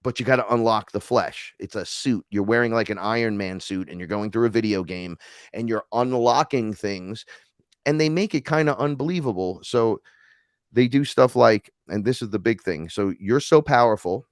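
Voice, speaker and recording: Animated, low-voiced man telling a story. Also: normal speed, no echo, clean studio sound. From New York. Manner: animated, acts out quoted voices, swears freely. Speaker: podcast guest. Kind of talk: casual storytelling.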